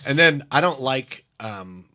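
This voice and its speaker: A comedian telling animated stories in a casual interview, acting out quotes loudly and laughing through them. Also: male voice, medium pitch, a little slow, crowd noise. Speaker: comedian guest.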